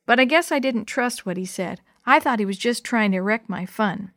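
A woman's voice: a little high, expressive, moderate pace, a bit bright, no room sound, studio quality. A woman voicing an eager, impulsive young boy in a children's storybook reading.

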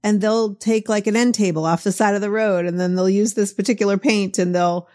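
A woman's voice: mid-range voice, fairly even intonation, fairly quick, darkish tone. A middle-aged woman with a Boston accent hosting a podcast, chatting in a casual, encouraging way and laughing easily. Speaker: podcast host. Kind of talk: casual interview chat.

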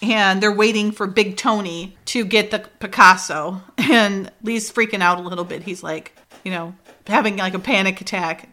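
A woman's voice: medium pitch, steady tone, normal speed, bright, forceful tone. A woman co-hosting a casual chat, giggling often as she retells scenes from a TV episode. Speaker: podcast co-host.

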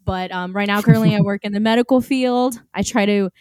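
Woman, light Southern accent, smooth clear voice, dry sound, jokey podcast co-host. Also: medium pitch, a little fast, a little mellow, no echo. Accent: light Southern American. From Oklahoma, USA. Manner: joking, self-deprecating. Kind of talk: casual faith podcast chat.

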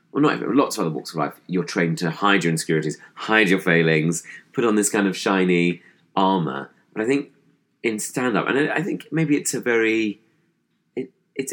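Deep-voiced posh English man. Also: fairly bright tone. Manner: hesitant, thoughtful, many fillers and restarts. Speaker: comedian, interview guest. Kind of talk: casual interview chat.

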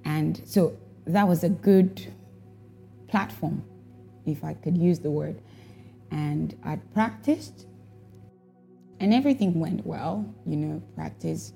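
A woman's voice: sits low, takes it slowly, vocal fry, long pauses, warm tone, soft background music. A woman telling a personal testimony about serving as a worship leader, reflective and emotional, repeating herself as she goes. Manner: reflective, emotional storytelling with repetitions.

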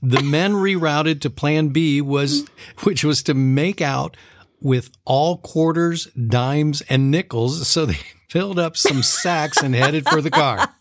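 A man's voice: fairly high pitch, slow, no room sound. A man co-hosting a casual true-crime podcast, telling stories with frequent chuckles. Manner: chuckling, playful, reads stories with laughs. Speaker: podcast co-host.

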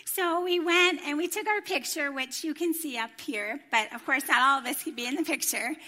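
Middle-aged lady preaching at church, high clear voice, tells her story all animated. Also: normal speed. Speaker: former children's ministry director, church speaker. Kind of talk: sermon with personal story.

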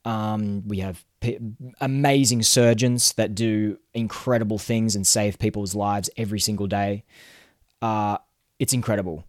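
A man's voice: on the low side, steady tone, measured pace, a little mellow, no room sound, clean studio sound. A man hosting a solo podcast, talking earnestly and chattily with lots of fillers and restarts. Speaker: podcast host.

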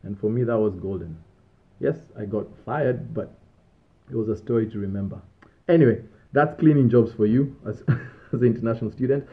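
A man telling casual stories from his student days, rambling and laughing as he goes. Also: fairly low pitch. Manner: laughing, rambling, self-amused. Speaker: vlogger. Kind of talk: casual storytelling. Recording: tinny phone-like audio.

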